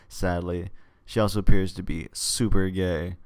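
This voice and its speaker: A man's voice: deep voice, steady tone, normal speed, a little mellow, smooth. A man reading a text adventure game aloud in a casual way, stumbling and tossing in joking asides.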